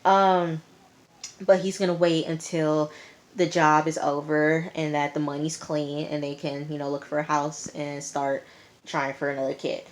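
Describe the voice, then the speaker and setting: A woman recapping a TV episode in a relaxed, chatty way. Her voice sits low, and she talks in slang with emphatic asides and lots of fillers. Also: a little slow. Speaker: TV show reviewer.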